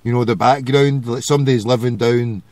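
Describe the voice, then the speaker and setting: A man's voice: medium pitch, steady tone, a little fast, a little mellow, dry recording. Bantering Glaswegian man on a call-in show. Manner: bantering, teasing callers. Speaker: host of a call-in internet radio show. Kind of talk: casual call-in chat. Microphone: phone call.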